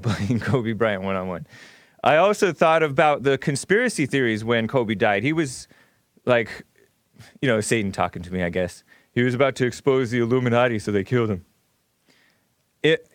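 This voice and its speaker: A man in the middle of an unscripted stream monologue, wandering from thought to thought with fillers, false starts and little laughs. His voice sits at an ordinary pitch. The mic is close, with no room sound around it. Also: dry recording. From California. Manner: rambling, laughs often, many fillers and restarts. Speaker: host. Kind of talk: casual livestream monologue.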